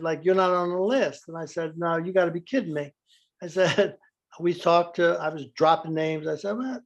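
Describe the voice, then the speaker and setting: Man telling warm anecdotes with laughter. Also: a little high, lo-fi sound. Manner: laughs through anecdotes, acts out quotes. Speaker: guest speaker. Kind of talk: storytelling in a group video session.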